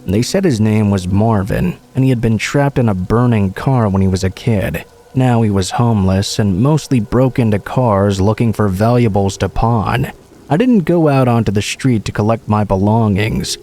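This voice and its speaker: A man reading true horror stories aloud as scripted narration, in a steady, measured way. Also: fairly low pitch.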